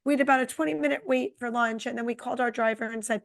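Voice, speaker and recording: A middle-aged woman co-hosting a podcast, chatting casually and telling a long, animated travel story. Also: on the high side, rapid-fire, vocal fry. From Connecticut. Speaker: podcast co-host. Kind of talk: casual chat.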